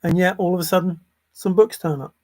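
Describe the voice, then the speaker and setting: A man's voice: sits high, fairly even intonation, a little fast, mellow. A man giving unscripted solo commentary as a treasure-hunt vlogger, sarcastic and exasperated, swearing and repeating phrases for emphasis.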